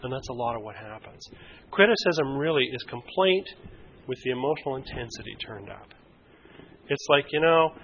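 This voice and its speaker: A man presenting a relationship workshop in a conversational way, lively, using vivid examples and asking his audience questions. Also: medium pitch, normal speed, husky. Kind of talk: conversational teaching to a group. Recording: dull lo-fi recording.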